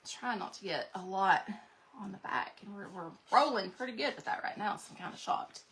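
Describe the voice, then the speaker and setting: A woman hosting a live craft stream, chatting casually to her viewers and thinking out loud as she paints. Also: mid-range voice, normal speed. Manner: rambling, talks to viewers directly. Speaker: craft livestream host.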